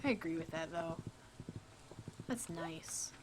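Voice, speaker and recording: A woman's voice: low voice, slow pace, noisy background. A young woman streaming a farming game, chatting casually and self-mockingly, reading game lines aloud in goofy voices. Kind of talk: casual gameplay chat.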